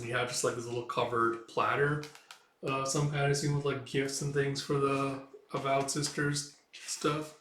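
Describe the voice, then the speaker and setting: A man's voice: medium pitch, flat delivery, normal speed, a bit bright, slight background noise. A man casually reading and retelling a comic, with many fillers. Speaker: comic reviewer. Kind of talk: casual read-through of a comic. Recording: roomy, mic at a distance.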